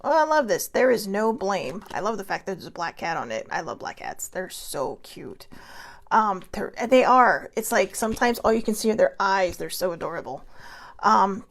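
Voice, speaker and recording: Gravelly earnest woman host. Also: medium pitch, expressive, moderate pace. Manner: earnest, rambling, self-deprecating. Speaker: host of a self-help talk show. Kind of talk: casual motivational monologue.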